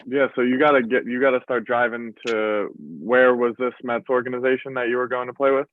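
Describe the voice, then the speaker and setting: A man's voice: medium pitch, little pitch movement, brisk, no echo. Man asking questions over a tinny line. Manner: brief encouraging backchannels, plain questions. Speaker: podcast host. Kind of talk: casual interview questions. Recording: dry tinny phone-like line.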